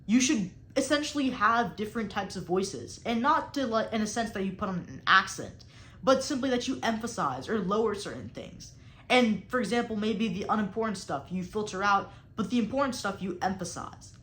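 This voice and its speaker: A woman's voice: medium pitch, lively intonation, normal speed, a bit bright, reverberant. A young woman who coaches debate, explaining speaking technique in an instructional talk and stressing key words on purpose. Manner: explanatory, emphatic, varies tone on purpose.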